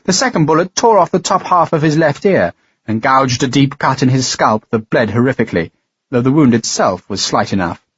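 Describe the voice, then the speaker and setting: A man narrating an audiobook in a steady, measured reading. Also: medium pitch, husky, no echo, muffled recording. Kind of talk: scripted narration.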